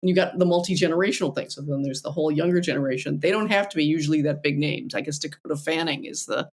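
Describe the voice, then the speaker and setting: Wry, animated woman podcast co-host. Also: low voice, quick pace. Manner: animated, wry, laughs while talking. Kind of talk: casual film chat.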